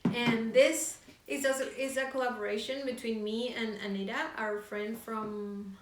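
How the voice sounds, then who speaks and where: Woman co-host, chatty and rambling, fairly high voice, mic a bit far off. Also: fairly even intonation, measured pace. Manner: chatty, rambling, many fillers. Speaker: co-host of a knitting show. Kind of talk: casual chat. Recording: echoey room, distant mic.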